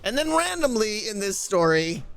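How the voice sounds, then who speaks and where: A man's voice: sits high, very animated, normal speed, creaky, a bit bright, soft background music. A man streaming live, rambling and laughing as he thanks viewers in a flustered, casual chat.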